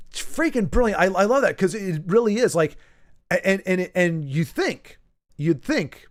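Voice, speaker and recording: High-voiced man rambling while gaming. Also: normal speed. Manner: rambling, animated, frequent stammered restarts. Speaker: streamer. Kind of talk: casual chat while gaming.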